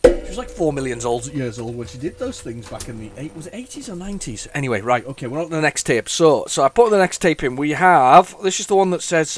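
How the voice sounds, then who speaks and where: A man gives a casual running commentary, thinking aloud in loose, rambling sentences full of restarts. His pitch leaps around a lot, lifting high whenever something pleases him. He drops in wry, self-mocking asides. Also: slight background noise. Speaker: retro computing video host.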